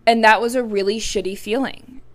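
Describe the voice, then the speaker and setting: A woman's voice: on the high side, steady tone, a little fast. A young woman hosting a personal podcast, talking candidly in a rambling, casual way with lots of "like". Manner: rambling, heavy use of "like", candid and frank. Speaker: podcast host.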